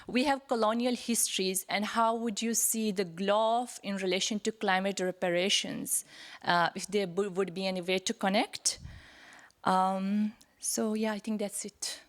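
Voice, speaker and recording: A woman from Pakistan asks a long, earnest question from the floor at a panel, apologetic and full of restarts and pauses. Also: medium pitch, fairly even intonation. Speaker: audience member asking a question.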